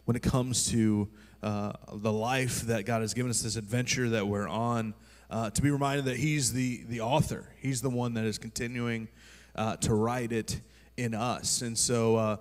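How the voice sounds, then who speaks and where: Casual pastor in a reverberant church hall. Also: male voice, mid-range voice, moderate pace. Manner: relaxed, conversational with many fillers. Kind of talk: sermon.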